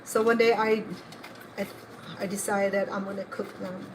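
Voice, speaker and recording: A woman's voice: medium pitch, flat delivery, normal speed. A middle-aged woman hosting a cooking vlog, telling rambling, digressive stories as she cooks at home. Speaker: home cook and channel host. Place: home kitchen. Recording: kitchen with running water noise.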